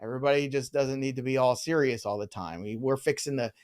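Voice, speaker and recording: A man hosting a live fantasy football stream, brisk and joking as he reads listener questions in rapid fire. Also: medium pitch, a little mellow, smooth. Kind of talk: casual live-stream chat.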